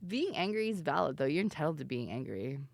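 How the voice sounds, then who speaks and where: Casting note: young woman streamer, low voice, giggly and rambling, dry close sound. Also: very animated, quick pace, creaky, dry recording. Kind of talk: casual stream chat.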